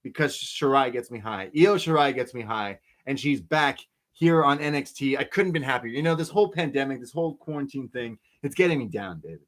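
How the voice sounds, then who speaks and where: A man co-hosting a podcast, telling wrestling stories in a lively, laughing way. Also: medium pitch, fairly quick, hardly any pauses. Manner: animated storyteller, laughs often. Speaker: podcast co-host. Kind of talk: casual wrestling recap chat.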